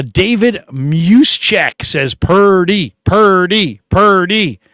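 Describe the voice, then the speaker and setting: A man's voice: medium pitch, a bit bright, dry recording, clean studio sound. A middle-aged man hosting a casual live stream, chatting in a laid-back way as he answers viewer comments. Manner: chatty, laid-back, reads comments aloud with quick asides. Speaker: podcast host reading viewer comments.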